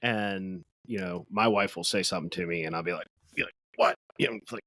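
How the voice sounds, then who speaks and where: A male podcast co-host talking haltingly in casual conversation, searching for words and sighing. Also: low-pitched, gravelly, sharp tone, dry recording.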